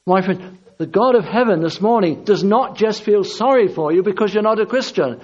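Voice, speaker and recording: Man, sermon, impassioned, repetitive emphasis, high-pitched, muffled lo-fi sound. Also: expressive, moderate pace. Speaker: preacher. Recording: dull lo-fi recording.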